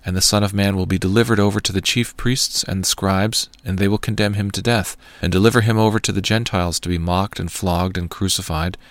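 A man reading the lines of Jesus as a calm, authoritative teacher, in a measured, steady delivery with a low, gravelly voice. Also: no room sound. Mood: solemn teaching.

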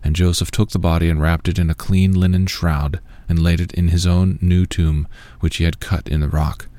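A man reading a long scripture passage aloud in a measured, solemn way. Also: sits low, level tone, warm tone, no room sound. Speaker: scripture reader.

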